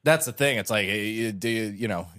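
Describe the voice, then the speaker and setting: A man's voice: fairly low pitch, fairly quick, a bit bright. Laid-back man rambling on a podcast. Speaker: podcast co-host. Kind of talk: casual comedy podcast chat.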